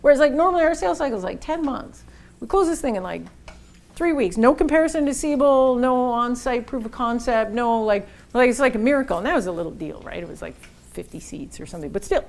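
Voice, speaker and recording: Gravelly-voiced woman telling a blunt story. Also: on the high side, quick pace. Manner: lively, blunt, acts out quoted dialogue. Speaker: workshop speaker. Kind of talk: storytelling marketing workshop talk.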